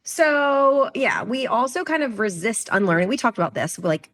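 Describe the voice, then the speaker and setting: A woman's voice: on the high side, normal speed. A woman co-hosting a health podcast, speaking frankly in casual chat. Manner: frank, rises into lively quoting. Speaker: podcast co-host, health coach.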